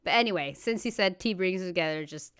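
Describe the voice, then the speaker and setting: A woman's voice: fairly low pitch, quick pace, fairly bright tone, slight background noise. An American woman hosting a reaction video, chatting casually and bluntly, ranting with lots of "freaking". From United States. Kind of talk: casual chat.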